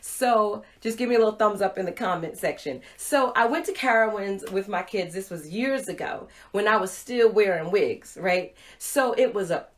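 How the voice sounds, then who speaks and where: A middle-aged woman giving a motivational livestream talk, telling a personal story with animated acted-out dialogue. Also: mid-range voice, moderate pace, few pauses. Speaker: motivational speaker. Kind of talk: Facebook Live talk to viewers.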